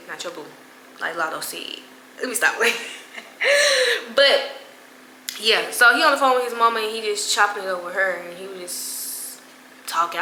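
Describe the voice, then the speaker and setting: Young woman spilling tea on her vlog, slangy and chatty, bright tone, echoey room. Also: mid-range voice, slight background noise. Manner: chatty, slangy, laughing asides to viewers. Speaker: vlogger. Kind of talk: casual storytime.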